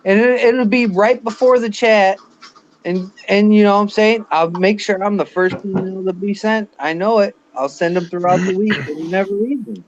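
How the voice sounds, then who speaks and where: A man's voice: high voice, steady tone, moderate pace, lo-fi sound, slight background noise. A man in his late thirties ranting bluntly and swearing in a casual live chat. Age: late 30s. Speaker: guest on a live show.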